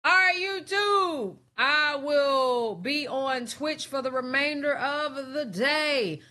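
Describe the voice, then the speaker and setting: Woman streamer chatting to her viewers, bright tense voice, swears a lot. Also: high-pitched, slow. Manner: blunt, profane, chatty. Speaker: reaction streamer host. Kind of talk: casual commentary to viewers.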